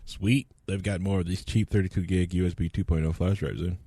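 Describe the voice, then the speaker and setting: A man's voice: deep voice, steady tone, mellow, slightly rough, no room sound. A man co-hosting a podcast, rambling jokily about tech setups in casual banter. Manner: rambling, jokey, quick tech talk. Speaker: co-host. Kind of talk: casual pre-show banter.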